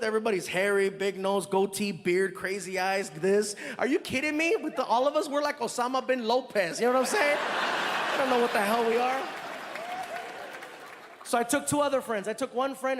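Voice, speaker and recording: A male stand-up comedian telling an animated story on stage with a handheld mic, acting out other people's voices. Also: high voice. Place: large theater on stage. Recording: long hall reverb, audience noise.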